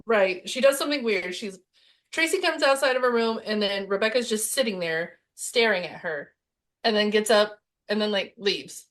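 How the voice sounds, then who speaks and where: A young woman co-hosting a podcast, chatting casually and retelling movie scenes with quick quoted voices. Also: medium pitch, fairly bright tone. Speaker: podcast co-host. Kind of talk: casual chat about a movie.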